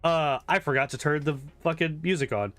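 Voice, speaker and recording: A man's voice: a little high, brisk, a bit bright, no echo, soft background music. A man chatting casually and rambling while playing a game, swearing freely and laughing often. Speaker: gaming streamer.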